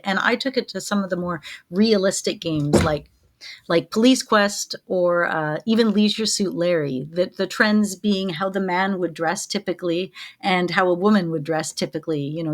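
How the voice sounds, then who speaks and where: A woman co-hosts a relaxed podcast in a chatty, playful way. She works through her ideas out loud, with small pauses and fillers along the way. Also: lowish voice. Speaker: podcast co-host. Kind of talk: casual podcast chat.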